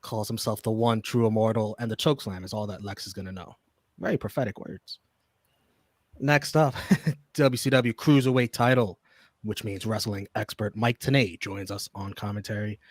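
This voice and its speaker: A man's voice: on the low side, fairly even intonation, moderate pace, dry recording. A man co-hosting a wrestling podcast, reading out match notes and star ratings with wry asides. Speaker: podcast co-host. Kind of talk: casual wrestling match recap.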